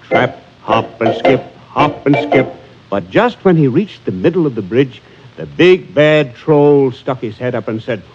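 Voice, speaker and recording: A man tells a children's story in a lively, bouncing singsong voice pitched a little high. He leans into rhythmic, playful chanting. The recording is muffled and lo-fi, with music playing clearly behind him. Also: slight background noise. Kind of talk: children's story read-aloud.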